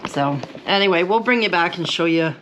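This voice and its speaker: A woman's voice: fairly low pitch, expressive, a little fast, noisy background. A woman hosting a casual crafting vlog, chatting and explaining each step as she works at home. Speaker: vlogger. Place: home crafting table, indoors.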